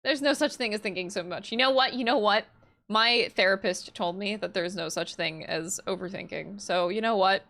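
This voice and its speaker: A woman's voice: medium pitch, moderate pace, gravelly, fairly bright tone. A woman streamer chatting casually and swearing while playing a courtroom game, reading lines aloud. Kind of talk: casual gameplay commentary.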